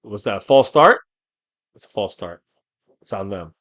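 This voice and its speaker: Excitable male fan streamer, dry sound. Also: on the low side, measured pace, no room sound. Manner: excitable, erupts into shouting on big plays; reads viewer names and comments aloud. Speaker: fan streamer reacting to a live game. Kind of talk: live game reaction and chat reading.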